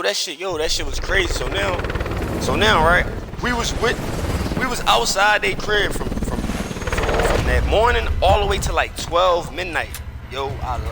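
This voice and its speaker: A high-pitched man talks to his stream in a loose, emphatic storytelling way, circling back and repeating himself for weight. Loud game noise runs under his voice the whole time. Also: gravelly. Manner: emphatic, repetitive, swears oaths. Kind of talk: casual storytelling while gaming.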